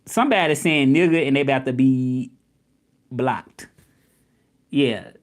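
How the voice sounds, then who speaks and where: A man's voice: mid-range voice, measured pace. Young southern guy from memphis, livestream chat, gets worked up at haters, regular mid voice. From Memphis, Tennessee, US. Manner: animated, indignant at doubters, drawling. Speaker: livestream host. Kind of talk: casual livestream chat reading comments.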